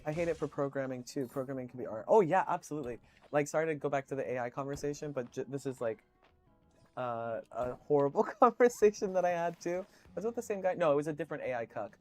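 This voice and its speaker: A man's voice: fairly high pitch, quick pace, a little mellow, faint music behind. A man streaming, chatting casually with viewers, telling rambling stories full of swearing and fillers.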